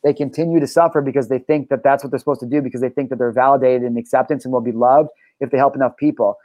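A man's voice: mid-range voice, steady tone, rapid-fire, darkish tone, dry recording, low-quality recording. A man hosting a talk show and coaching listeners in an intense, profane, preachy monologue. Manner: intense, swears freely, preachy. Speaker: podcast host and life coach.

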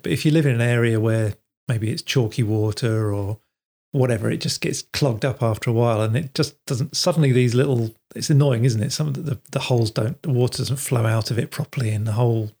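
A man's voice: medium pitch, darkish tone, slightly rough. A man co-hosting a casual faith chat and leading prayer, earnest and explanatory, often restarting his words. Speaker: co-host.

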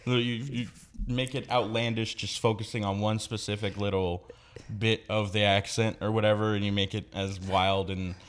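A man hosting a podcast, chatting in a relaxed, laid-back way and agreeing often. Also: on the low side, moderate pace. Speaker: podcast host. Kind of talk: casual chat.

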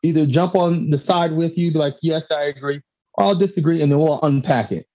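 A man's voice: on the high side, brisk, mellow, dull audio. A man hosting a podcast, chatting playfully and reading listener letters aloud. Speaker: podcast host. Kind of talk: casual podcast chat.

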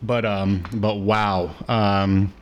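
A man's voice: lowish voice, little pitch movement, extremely slow. A man co-hosting a podcast in casual chat, joking and laughing often, trailing off into fillers. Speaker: podcast co-host.

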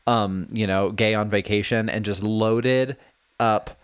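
A man's voice: lowish voice, steady tone, slow pace, smooth. Giggly storytelling podcast man. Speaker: podcast co-host. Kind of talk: casual chat.

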